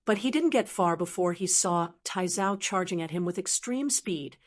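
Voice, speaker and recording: A woman narrating a web novel audiobook with a steady, even reading. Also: fairly low pitch, normal speed.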